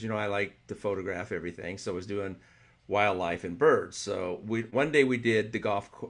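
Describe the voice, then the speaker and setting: A man co-hosting a podcast, telling an animated, rambling travel story with laughs and restarts. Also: on the low side. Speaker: podcast co-host. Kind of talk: casual storytelling chat.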